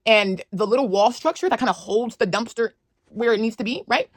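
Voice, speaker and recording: A young woman casually telling a wild personal story to her viewers, animated and slangy. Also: fairly high pitch, fairly quick, no echo. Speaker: storyteller vlogger.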